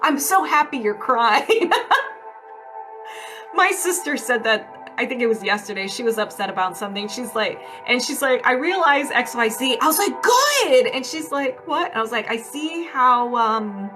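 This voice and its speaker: Faint music plays behind a woman energy healer whose slightly high voice sounds pushed, bright, and expressive at a moderate pace. On her casual livestream healing session she chats cheerfully, asking her own yes-no questions and answering them.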